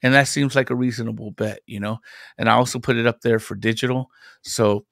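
A man's gravelly voice sits at an ordinary middle pitch. He talks as a podcast guest in loose, rambling, conversational stories. The sound is close and dry, with no room around it. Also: fairly even intonation, a little fast, fairly bright tone, no room sound. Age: adult parent. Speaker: podcast guest, independent comic creator. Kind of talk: casual chat.

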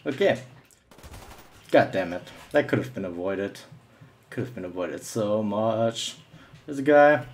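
A man's voice: lowish voice, animated, measured pace, pauses often, a little mellow. Young man raging over gameplay. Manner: angry ranting, swearing often; mocking taunts at opponents. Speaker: gameplay commentator. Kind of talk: live gameplay commentary.

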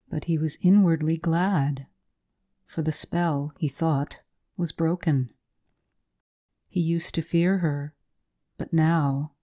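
A woman narrates a literary tale as an audiobook reader. Her voice is low and dark-toned, and she keeps an unhurried, measured pace. Her storytelling stays steady and even from line to line.

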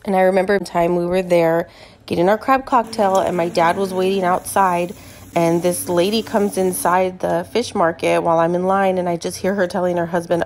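A woman's voice: fairly low pitch, moderate pace, a little hiss or hum. A woman hosting a home cooking channel, casually telling a funny family story to camera and acting out the voices of the people in it. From California. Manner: animated, acts out quoted voices.

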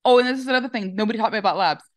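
A woman's voice: fairly high pitch, rapid-fire, no room sound. Chatty woman telling dog stories. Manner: chatty, animated storytelling with many fillers. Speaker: dog owner guest. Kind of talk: casual interview chat.

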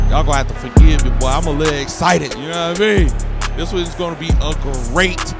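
A young man giving excited, slangy commentary over his basketball video game, hollering at big plays. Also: a little high, a little fast. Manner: casual slangy talk. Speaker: gaming YouTuber. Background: game music.

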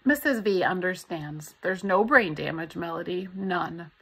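A woman reading the lines of a kind female caregiver in a gentle, reassuring manner. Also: lowish voice, unhurried, gravelly, slightly rough, full character voice.

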